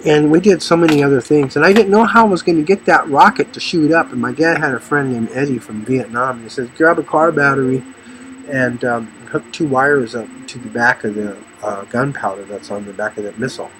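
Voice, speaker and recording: A man's voice: fairly quick, slight background noise, poor audio. A middle-aged man from the Los Angeles area telling personal stories about faith in a rambling, storytelling way. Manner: storytelling, voices others with sudden high shouts.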